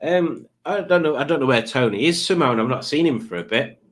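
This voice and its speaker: A man hosts a relaxed live stream, chatting through viewer comments in a rambling, joking way. He talks at a middle pitch and often trips over his own sentences before starting them again. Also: fairly quick. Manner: rambling, jokey, waffling with many restarts.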